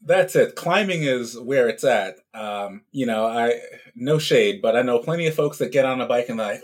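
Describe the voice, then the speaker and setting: A man with a mid-range pitch speaks as a podcast guest. He is relaxed and chatty, and he keeps checking in with his listener as he talks. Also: moderate pace. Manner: relaxed, chatty, frequent fillers and "right?". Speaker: guest, amateur cyclist. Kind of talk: casual interview talk.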